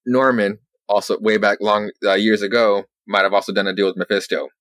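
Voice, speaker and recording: A man casually recapping a story as a podcast host, rambling with lots of fillers and swearing, telling it with animated energy. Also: on the low side, a little fast, dry recording. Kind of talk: casual chat.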